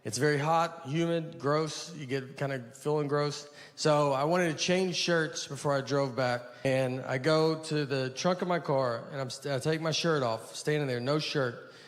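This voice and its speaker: Low-key rambling stand-up comedian, man. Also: moderate pace. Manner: low-key, rambling, self-deprecating delivery. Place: live comedy venue with audience.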